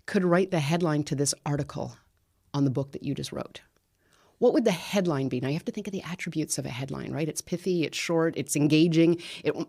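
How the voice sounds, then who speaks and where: A woman talking as a guest on a podcast, explaining communication advice with lively storytelling. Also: deep voice. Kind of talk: podcast conversation.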